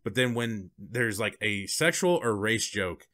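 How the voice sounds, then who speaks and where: A man's voice: lowish voice, expressive, measured pace, bright, forceful tone. Profane, laughing man recapping movie jokes. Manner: profane, laughing, acts out quoted scenes. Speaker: movie review co-host. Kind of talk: casual spoilery movie review chat.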